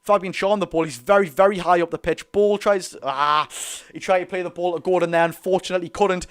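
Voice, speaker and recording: A man with a Geordie accent giving excited, rapid live football commentary as host of a fan watch-along, cheering his side on. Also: sits high, smooth. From North East England. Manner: talks very fast; animated, cheers players on.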